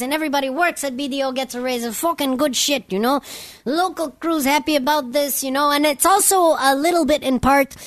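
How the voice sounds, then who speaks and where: A woman's voice: high-pitched, a bit bright. A woman hosting radio news who rants in a rambling, heavily profane way and keeps saying "you know". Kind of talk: profane off-the-cuff radio rant.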